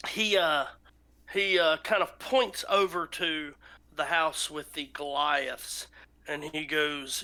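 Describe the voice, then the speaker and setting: Slow-talking man. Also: on the high side. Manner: relaxed, rambling, with many fillers and laughs. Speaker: game master. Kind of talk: narrating a tabletop game.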